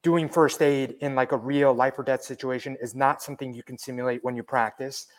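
Brief: man, mid-pitched, earnest podcast co-host who repeats himself to make a point. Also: steady tone, fairly quick. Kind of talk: casual podcast chat.

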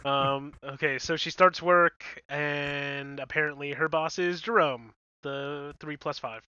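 A young man dissecting a film in casual podcast chat, blunt, crude and sardonic. His voice sits a little high and bright. The recording is dry and slightly dull, like a cheap mic. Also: steady tone, slow pace, smooth, no room sound. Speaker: podcast co-host. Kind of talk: casual movie review chat.

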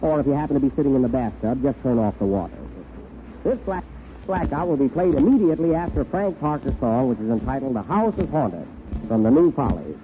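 A man's voice: medium pitch, animated, brisk. A man hosting a 1930s radio comedy show, introducing the acts with dry wisecracks. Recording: tinny, hissy 1930s radio broadcast.

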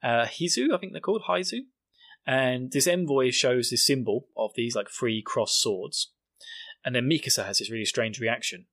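A young British man hosts a casual podcast recap. He talks in a sarcastic, rambling way, full of jokes and asides. His voice sits at an ordinary middle pitch, and the recording is dry and close with no room sound. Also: normal speed, fairly bright tone, no echo. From Britain. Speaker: podcast host.

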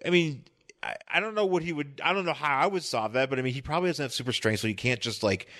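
A man's voice: medium pitch, fast talker, fairly bright tone. A man co-hosting a podcast, rambling casually with lots of "like" and restarts. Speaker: podcast co-host. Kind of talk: casual chat about comics.

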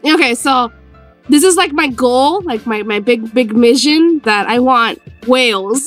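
A woman's voice: a little high, lively intonation, measured pace, faint music behind. A young adult woman co-hosting a podcast in casual chat, gushing and squealing, laughing a lot. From Salvadoran heritage. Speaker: podcast co-host.

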